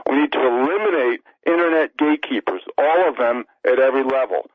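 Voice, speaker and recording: A man's voice: medium pitch, fairly quick, dry recording. A man of sixty from New York City, a radio guest and author, running through an emphatic list of political demands and short of breath. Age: 60s. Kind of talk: impassioned political call-in monologue. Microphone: phone call. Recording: tinny phone line.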